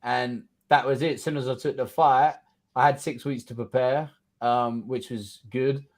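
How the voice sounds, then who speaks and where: A man in his thirties from England, with a London accent, speaks at a moderate pace in a steady, medium-pitched, darkish voice. He's a guest fighter telling his story in a casual interview, blunt and swearing freely as he acts out what people said.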